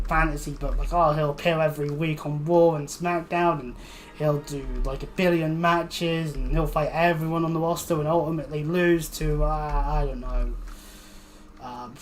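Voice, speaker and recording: A woman with a notably low voice chats her way through a gameplay stream, wandering off into jokes and asides as she plays. Soft keyboard typing clicks away faintly behind her. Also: slight background noise. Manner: rambling, joking asides to self. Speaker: livestreamer. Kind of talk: casual gameplay commentary.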